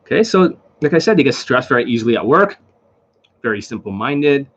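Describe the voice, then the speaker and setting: A man's voice: medium pitch, sing-song, fairly quick, a bit bright, husky. A man talking as a dating coach in an unscripted monologue, rambling and blunt, with frequent profanity and fillers. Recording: dull lo-fi recording.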